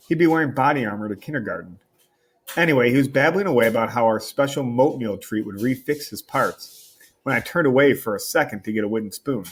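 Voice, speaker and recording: A man reading a novel aloud to a class as their teacher, in a wry, conversational storytelling manner with a husky voice. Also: mid-range voice.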